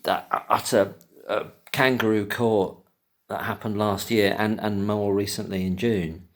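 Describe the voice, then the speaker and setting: A man in an angry solo rant, agitated and sweary, stumbling over restarted words in rapid outbursts. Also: on the low side, fairly even intonation. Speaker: commentator.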